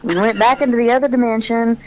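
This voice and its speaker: A woman's voice: on the high side, steady tone, fast, a little hiss or hum. A woman joking on a call-in radio show, playful and constantly giggling. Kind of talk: casual radio banter.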